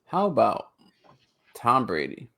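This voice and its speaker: A man's voice: mid-range voice, huge pitch swings, takes it slowly, creaky, bright, forceful tone. A man on a sports podcast with an ordinary mid-range voice, trading casual remarks about the game. He delivers dry asides and brief play-by-play without much fuss. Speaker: podcast co-host.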